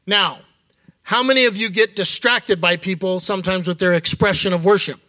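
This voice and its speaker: High, bright-voiced man preaching. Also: moderate pace, dry recording. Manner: candid, conversational preaching with quoted asides. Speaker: associate church leader. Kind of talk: sermon.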